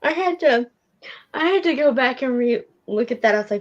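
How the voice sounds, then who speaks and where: A woman co-hosting a podcast, chatting excitedly about a TV episode. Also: sits high, muffled recording. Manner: excitable, quick to exclaim and laugh. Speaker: podcast co-host. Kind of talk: casual chat about a TV show.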